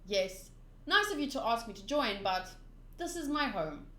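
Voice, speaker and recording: A woman voicing a grumpy, lonely middle-aged man who guards a forest, with a gruff manner. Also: a little high, big pitch swings, normal speed, fairly bright tone. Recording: roomy echo.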